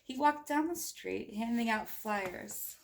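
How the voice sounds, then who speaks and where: A woman's voice: on the high side, lively intonation, slow, vocal fry, a little hiss or hum. Playful woman reading a storybook aloud. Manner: playful, chatty, talks to listeners. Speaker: storybook reader. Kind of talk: children's read-aloud with chatty asides.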